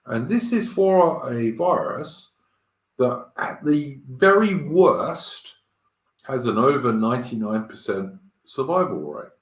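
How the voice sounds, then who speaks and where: A man's voice: medium pitch, animated, takes it slowly, reverberant, poor audio. A man hosting a live stream in casual chat, talking bluntly and crudely and swearing freely. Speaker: stream host. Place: home in Australia.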